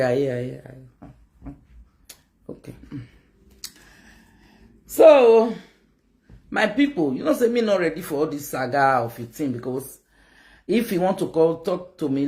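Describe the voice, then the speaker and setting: A Nigerian woman with a Nigerian accent, ranting to her viewers in a rambling, animated way and mixing pidgin with local-language phrases. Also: low voice. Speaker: online video host. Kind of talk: casual rant to camera.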